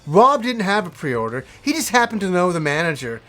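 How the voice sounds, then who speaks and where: Animated high-voiced man telling a story. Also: a little fast. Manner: animated, rambling anecdote with acted-out quotes and swearing. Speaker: host. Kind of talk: casual storytelling to camera.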